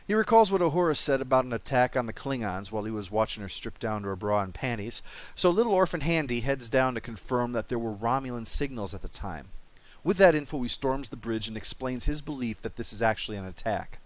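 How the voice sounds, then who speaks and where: A man's voice: medium pitch, a little fast, no room sound. A man narrating a comedic game review, full of sarcastic wisecracks.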